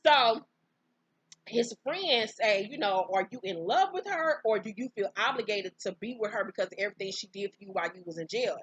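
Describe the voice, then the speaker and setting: A woman recapping a reality show in casual, profane storytelling, bursting into high, loud exclamations. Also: lively intonation, brisk, slightly rough, no echo, muffled recording. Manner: profane, brash, outspoken commentary; breaks into high-pitched exclamations.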